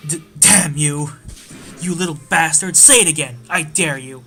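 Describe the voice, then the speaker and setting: A man voicing a tough, hot-tempered young male biker in a game let's play, gruff and swearing. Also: fairly high pitch, normal speed, a bit bright, soft background music, natural voice. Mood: furious.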